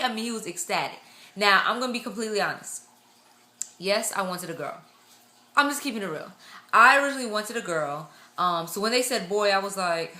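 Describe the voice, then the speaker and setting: A woman's voice: mid-range voice, normal speed. Chatty young woman in an echoey room. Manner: chatty and excitable, acting out quotes. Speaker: vlogger. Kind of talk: casual pregnancy update vlog.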